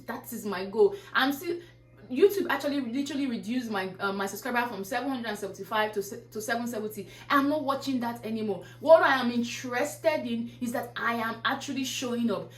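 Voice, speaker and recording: Woman vlogger w a highish voice, preachy pep talk full of "guess what", roomy echo. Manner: preachy, repeats rhetorical questions. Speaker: YouTuber giving motivational talk. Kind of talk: casual motivational vlog.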